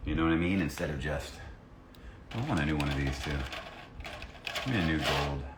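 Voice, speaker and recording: Amid a noisy background and roomy sound, a voice actor with a very deep voice talks fairly quickly. He jokes around on a live stream while signing autographs and reading fan messages out loud.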